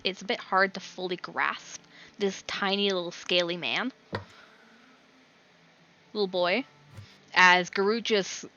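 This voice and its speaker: A woman's voice: fairly low pitch, bright, forceful tone. A woman running a tabletop game as game master, narrating the scene in a loose, chatty way with lots of fillers. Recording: dull lo-fi recording.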